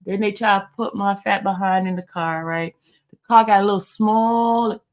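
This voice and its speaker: A woman in her fifties hosting a live stream, telling a story in a casual, animated way and talking straight to her viewers. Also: mid-range voice, moderate pace. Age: 50s. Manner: animated, laughing, addresses viewers as y'all. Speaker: channel host.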